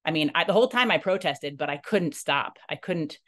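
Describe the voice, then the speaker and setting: A woman who runs a non-profit, telling a personal story in an earnest, halting way and acting out the dialogue she quotes. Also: low voice, expressive. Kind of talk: personal story told to camera.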